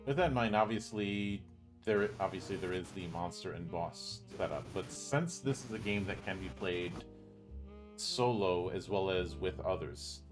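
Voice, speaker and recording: A man's voice: deep voice, normal speed, music in the background. A man hosting an interview who asks curious, long follow-up questions. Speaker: interview host. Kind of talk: casual interview.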